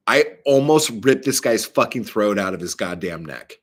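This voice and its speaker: A man's voice: lowish voice, expressive, normal speed, few pauses. A man vlogging a casual ranting monologue, profane and exasperated, telling his story with animation.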